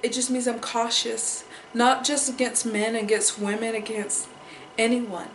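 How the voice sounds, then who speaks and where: A woman's voice: on the high side, flat delivery, unhurried, slight background noise. Upset young woman vlogging in echoey room. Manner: upset, repeats herself, fighting tears. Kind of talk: emotional personal vlog.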